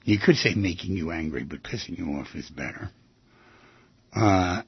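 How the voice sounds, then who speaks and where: A man with a very husky, gravelly voice hosts an advice talk show, his pitch swinging widely as he talks. He is folksy and animated, acting out little exchanges. The sound is dull and lo-fi. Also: moderate pace, long pauses, dry recording. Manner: animated, folksy, acts out quoted speech. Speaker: talk radio advice host.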